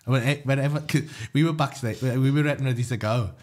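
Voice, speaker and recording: A man, a guest comedian, telling stories in casual podcast chat, animated and swearing freely. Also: mid-range voice, fast talker.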